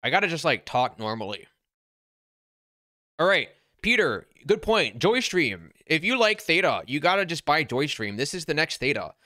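A man hosting a casual livestream, answering viewer comments in a blunt, brash, half-yelling way while wearing headphones. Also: fairly high pitch, very animated, normal speed, dry recording, clean studio sound. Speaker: crypto channel host. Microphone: wearing noise-canceling headphones.

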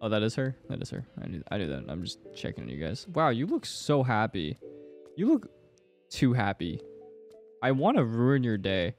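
A man's voice: mid-range voice, wildly swooping pitch, moderate pace, faint music behind. A young man playing a horror game, reacting with jumpy, joking commentary and reading lines aloud. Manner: jumpy, swears and laughs at scares, reads game lines aloud. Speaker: gaming streamer.

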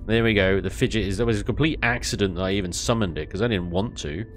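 A man giving casual, animated commentary on his gameplay, ranting and laughing with mild swearing. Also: fairly low pitch, quick pace. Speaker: gaming YouTuber.

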